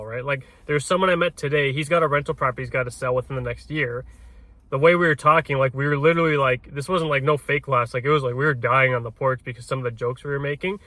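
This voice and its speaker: Bright and forceful, this man's mid-range voice has no echo. He's a realtor coaching door knocking in casual conversation, often restarting his words and finishing points with "right?"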